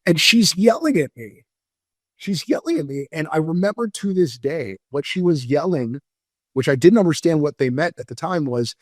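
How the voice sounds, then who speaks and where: A man's voice: a little high, expressive, moderate pace, no echo, studio quality. A man in his forties from Moldova, a podcast guest telling a personal story with many fillers and restarts, on the edge of tears. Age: 40s. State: near tears.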